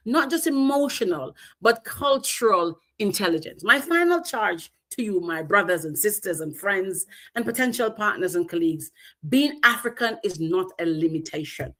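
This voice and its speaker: A woman's voice: medium pitch, a bit bright, low-quality recording. A woman from Jamaica, giving an emphatic, punchy motivational talk on a livestream. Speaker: speaker.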